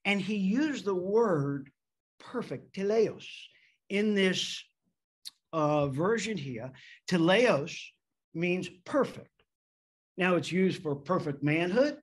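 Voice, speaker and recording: Husky animated American men's pastor. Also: male voice, sits high. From United States. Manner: animated preacher, lively emphasis and slowed key words. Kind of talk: sermon.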